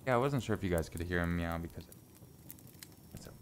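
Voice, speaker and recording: A man's voice: low-pitched, fairly quick, slight background noise. A man chatting casually on a live stream from a home closet, laid-back and joking, swearing freely, a little stuffy from sinus trouble.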